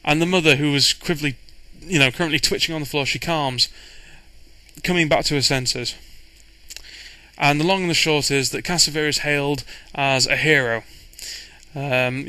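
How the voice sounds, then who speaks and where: Man, game master, rambling recap, lots of restarts, bright forceful voice, dry close sound. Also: on the high side, clean tone, no room sound, low-quality recording. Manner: rambling, with frequent restarts and fillers. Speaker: game master recounting a campaign. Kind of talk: casual storytelling recap.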